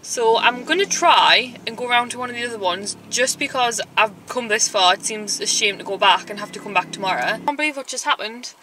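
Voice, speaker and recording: Young woman, casual vlog, chatty and exasperated, bright tone. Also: fairly high pitch, brisk, hardly any pauses, a little hiss or hum, low-quality recording. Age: young adult. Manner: chatty, exasperated ranting with frequent "like". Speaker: vlogger.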